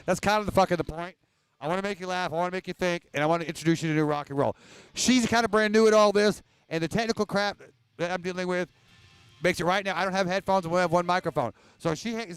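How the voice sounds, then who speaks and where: A man's voice: high voice, fast, clean tone, dry recording. A man hosting a live rock TV show, bossy and joking as he gives mic instructions. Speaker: show host. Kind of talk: live TV banter.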